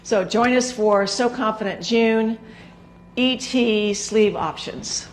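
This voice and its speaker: A woman hosting a sewing show, talking casually to the camera in a hoarse, gravelly voice, chatty and rambling with filler words. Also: fairly high pitch, takes it slowly, a little hiss or hum. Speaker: sewing instructor and show host.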